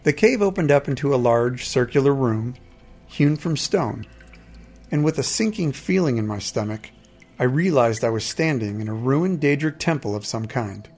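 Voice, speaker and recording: A man narrating a first-person fantasy story in a steady, measured storytelling manner. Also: medium pitch, faint music behind.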